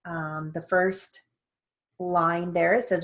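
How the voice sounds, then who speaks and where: A woman's voice: on the low side, fairly even intonation, unhurried, a bit bright. A woman teaching stenography theory in a recorded lesson. She explains patiently, step by step, spells out letters one at a time, and often checks in with "okay". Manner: frequent fillers and check-ins like okay.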